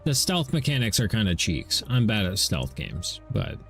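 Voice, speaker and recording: Loud, excitable man streaming games. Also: on the low side, moderate pace, soft background music. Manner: loud, excitable, profane ranting. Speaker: gaming streamer. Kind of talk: casual stream chat.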